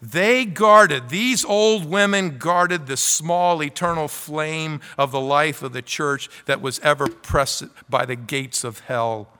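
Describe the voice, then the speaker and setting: A man's voice: fairly high pitch, slow, few pauses, pushed and bright, clear, resonant tone, in a large hall. A man preaching a sermon from the pulpit, earnestly reading aloud from a quoted article. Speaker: pastor. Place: church sanctuary.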